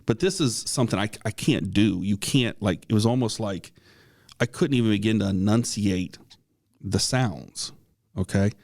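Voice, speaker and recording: At normal speed and in a lowish, slightly mellow voice, a podcast co-host recounts a personal ghost story. He keeps it casual and sincere, though he restarts a lot and coughs from time to time.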